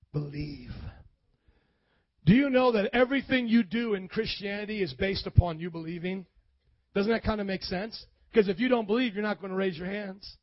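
A man preaching a sermon as pastor, calling out to the congregation and swinging from loud to hushed. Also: sits high, dry recording, highs cut off. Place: church.

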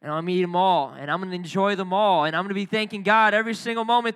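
A young adult man preaching a sermon, energetic and playful, calling out to the congregation. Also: sits high, racing, hardly any pauses, clear, resonant tone. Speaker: pastor.

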